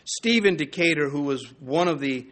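A man delivering a sermon with earnest conviction. His voice sits a little high for a man, and he builds through emphatic repeated phrases, now and then pausing mid-thought to start again. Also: a bit bright, slight background noise. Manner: earnest, rises to emphatic repetitions. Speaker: preacher.

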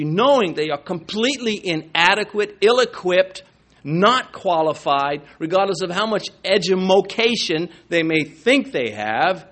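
A man's voice: sits high, a bit bright. A man preaching a sermon as a pastor in a church, talking in a loose, self-deprecating way with frequent restarts.

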